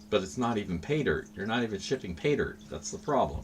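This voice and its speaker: Lively, bright-voiced man rambling casually. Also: low voice, fairly quick, few pauses, slight background noise. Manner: rambling, profane, laid-back. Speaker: livestream host. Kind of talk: casual livestream chat.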